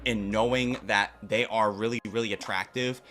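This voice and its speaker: A man's voice: fairly low pitch, fairly even intonation, normal speed, fairly bright tone, faint music behind. A young man ranting casually and bluntly about dating, with a lot of swearing and heavy emphasis. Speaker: dating commentator in a played clip. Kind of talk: casual opinion rant.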